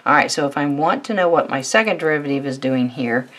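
A woman teaching a recorded calculus lecture, talking students through a problem step by step in a relaxed, conversational way. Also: low-pitched, fast. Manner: relaxed, conversational, thinks aloud while writing. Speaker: math teacher.

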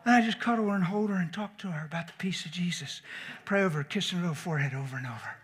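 A middle-aged man preaching a storytelling sermon, animated, swinging from shouts down to whispers. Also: sits high, quick pace, slightly rough.

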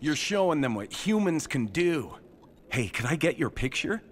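An actor playing an eager young male fan, gushing and excited. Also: a little high, normal speed.

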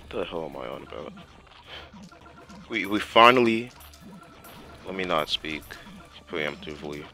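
A man's voice: sits low, expressive, a little slow, bright, forceful tone, faint music behind. A young man giving casual gameplay commentary, talking to himself in slangy speech with lots of fillers. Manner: talks to himself while playing, slangy, with many fillers.

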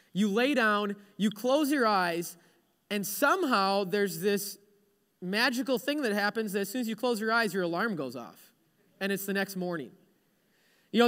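A man's voice: sits high, fairly bright tone, long reverb tail. A male pastor preaching a sermon, retelling stories with humorous, self-deprecating asides.

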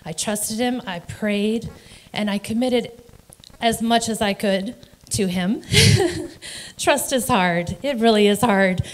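Middle-aged woman, earnest church testimony, emotional with nervous laughs, mid-pitched voice. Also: slow, rough recording. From New Jersey. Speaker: church member giving testimony. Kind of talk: personal testimony in a church service. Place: church sanctuary.

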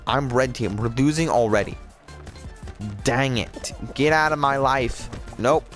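A man giving casual, jokey commentary over his own gameplay, excitable and playful, mock raging and rhyming nonsense. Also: mid-range voice, a little slow, faint music behind.

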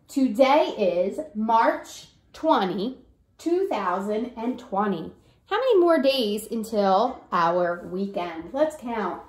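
A young woman teaching a preschool circle time lesson, with slow, sing-song, coaxing teacher talk and songs. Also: medium pitch, animated. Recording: echoey room with faint noise.

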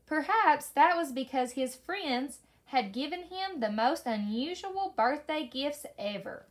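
A woman reads a children's story aloud, her high voice rising and falling in a lively sing-song. She takes her time, pacing each sentence slowly and expressively. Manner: slow, expressive read-aloud with lively pitch. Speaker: story reader.

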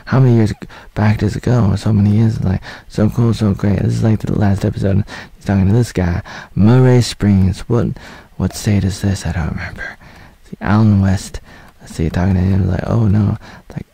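A gravelly, low-pitched man in his thirties talks through a series in a loose, rambling way, leaning on fillers and trailing off mid-thought. His voice sits dark and mellow. The sound is dry and close, with no room around it. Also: fairly even intonation, moderate pace, no room sound. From United States (Oregon). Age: 30s. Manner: rambling, loose, full of "like" and half-finished thoughts. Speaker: video reviewer. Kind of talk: casual spoken review over footage.

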